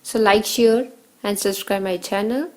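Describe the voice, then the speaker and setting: A woman teacher working through exam questions, reading out options and answers in short measured phrases. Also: medium pitch, fairly even intonation, poor audio.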